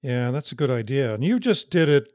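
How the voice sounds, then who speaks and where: A man in casual chat, relaxed and joking, asking questions as host. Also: medium pitch, fairly quick, no room sound, highs cut off.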